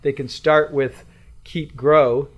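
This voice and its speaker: A man's voice: fairly high pitch, fairly even intonation, slow, fairly bright tone, lo-fi sound. A man, a company founder, talking earnestly about his business as a podcast guest. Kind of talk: business interview.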